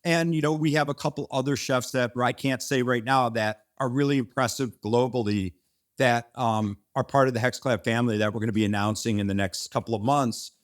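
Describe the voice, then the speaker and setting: A company founder in a relaxed interview, talking in long rambling runs. His voice sits at an ordinary middle pitch, and he tells the story with plenty of restarts and the odd swear word. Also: brisk. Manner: rambling and animated, frequent restarts and mild swearing.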